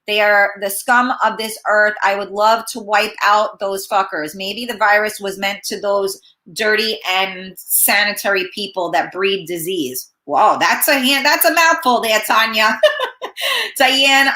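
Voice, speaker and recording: Bright-voiced woman hosting a live chat. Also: medium pitch, measured pace, hardly any pauses. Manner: chatty, reads comments aloud, hesitant with many fillers. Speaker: talk show host. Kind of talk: casual live-stream chat, reading viewer comments aloud.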